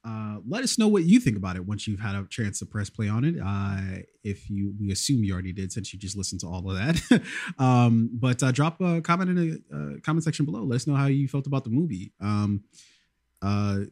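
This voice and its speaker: A man's voice: on the low side, lively intonation, fairly quick, darkish tone, dry recording, studio quality. A man hosting a podcast in a casual, rambling way, with many ums and some swearing. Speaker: podcast host. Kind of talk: casual film chat.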